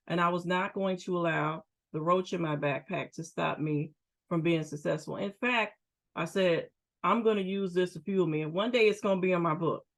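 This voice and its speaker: Candid woman telling her own story. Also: lowish voice. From United States. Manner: candid, emphatic, conversational with repeated restarts. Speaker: podcast host, therapist. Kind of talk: personal storytelling.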